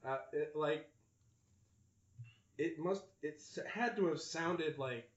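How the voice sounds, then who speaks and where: A man's voice: on the high side, slow pace. Man, podcast host, rambling storyteller, lots of ums, echoey diner, muffled sound. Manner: rambling storytelling with many fillers. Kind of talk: improvised comedy chat. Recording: roomy, dull recording in a diner.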